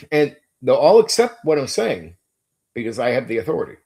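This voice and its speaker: Man, game master, opinionated monologue, blunt, emphatic, casual slang, medium pitch. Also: huge pitch swings, fairly quick, a little mellow, breathy edge. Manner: blunt, ranting, emphatic, swears, peppers speech with "like" and "dude". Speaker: game master and channel host. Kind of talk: opinionated monologue on running tabletop games.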